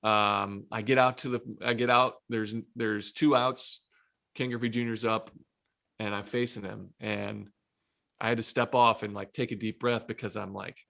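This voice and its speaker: A man, a former pitcher, telling a long personal story in a casual podcast chat, acting out his own past lines. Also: normal speed, vocal fry. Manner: animated anecdote telling, self-quoting.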